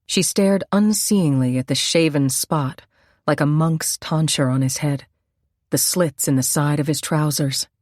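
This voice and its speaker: A woman narrating a suspense novel in a measured, steady storytelling voice on a close microphone. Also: low voice, no echo. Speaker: audiobook narrator. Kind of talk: scripted narration.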